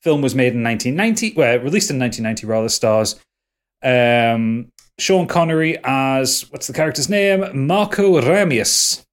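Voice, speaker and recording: A man's voice: medium pitch, expressive, normal speed. A man chatting casually about films on a podcast, rambling with lots of fillers and restarts. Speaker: podcast host. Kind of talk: casual film discussion.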